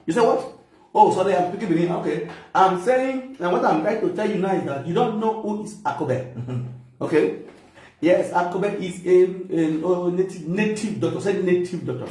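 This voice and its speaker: A man's voice: sits high, animated, normal speed, darkish tone. A Nigerian man doing a comic, mocking one-sided call, teasing and often breaking into laughter. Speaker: comedian. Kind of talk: comic mock phone call. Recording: echoey room, mic at a distance.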